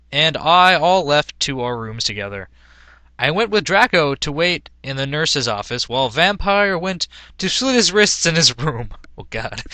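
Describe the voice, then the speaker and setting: A man's voice: a little high, sharp tone, dry recording. A man reading a badly written story aloud in a mock-dramatic, sarcastic way, with laughing asides. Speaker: comedic reader.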